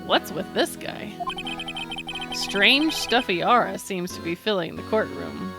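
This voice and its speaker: A woman's voice: mid-range voice, sing-song, unhurried. Giggly woman streamer with game music. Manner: giggly, self-mocking asides. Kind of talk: live game playthrough commentary.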